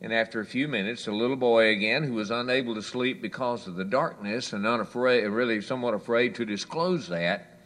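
A man preaching a sermon, telling folksy stories and quoting scripture, dropping low for quiet asides. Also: brisk. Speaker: pastor.

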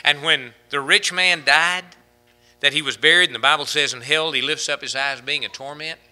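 A man's voice: fairly high pitch, fairly even intonation, normal speed, pushed and bright, soft background music. A man preaching a sermon from the pulpit, rising to fervent, emphatic peaks as he drives his points home. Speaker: pastor.

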